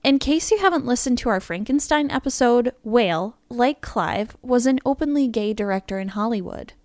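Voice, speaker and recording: A woman's voice: on the high side, lively intonation, normal speed, a little mellow, no echo. Woman narrating a scripted story, dry sound. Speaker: podcast co-host. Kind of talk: reading a prepared script with asides.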